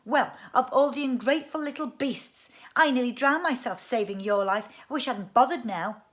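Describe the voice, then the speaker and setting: Woman reading a bossy little girl, a bit high, exasperated and scolding. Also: lively intonation, moderate pace, close to an everyday voice.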